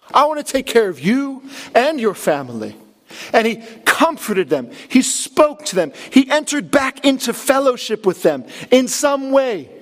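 A man preaching a sermon in an earnest, impassioned way, with dramatic pauses. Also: extremely high pitch. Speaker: pastor.

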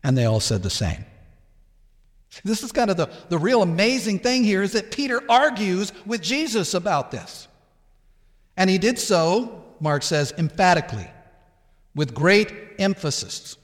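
Male pastor, sermon delivery, emphatic, slightly high voice, long church reverb. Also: very animated, a little slow. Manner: emphatic, acts out Peter's protests.

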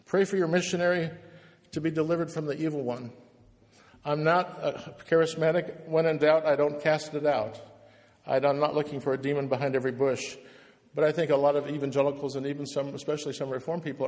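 A man's voice: fairly high pitch, fairly even intonation, fairly quick, darkish tone, in a large hall. A man preaching a passionate, emphatic sermon to a room of pastors, hammering points home by repeating words. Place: church, speaking to pastors in the room.

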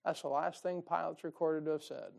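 A man with a high voice preaching from the pulpit. He talks in a folksy, emphatic way, full of asides and questions to his listeners. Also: fairly even intonation, a little fast, vocal fry, darkish tone. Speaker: pastor. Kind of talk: sermon.

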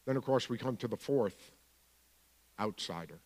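A pastor with a Bronx accent preaching a sermon, moving between quiet asides and emphatic points. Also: male voice, medium pitch, lively intonation, moderate pace, long reverb tail.

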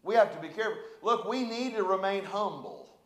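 A man's voice: high-pitched, very animated, fairly quick, reverberant. A man preaching a sermon as pastor, fervent and repetitive with emphatic delivery.

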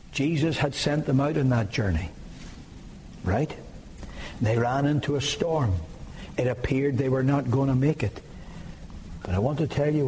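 A man preaching a sermon, emphatic and rising to impassioned high peaks. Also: warm tone, slight background noise, rough recording.

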